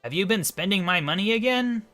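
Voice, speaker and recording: A man's voice: high voice, expressive, fairly quick, bright, forceful tone, faint music behind, voice pushed up. A man voicing a vain, grumpy king who complains a lot and gives in to his wife. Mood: grumbling. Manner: pompous, complaining.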